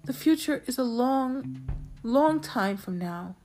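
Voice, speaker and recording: A woman's voice: high voice, animated, slow pace, a little mellow, faint music behind, pitched above the performer's own voice. A woman voicing her anxious elderly aunt, nearly eighty, who speaks in a worried, insistent, downcast way.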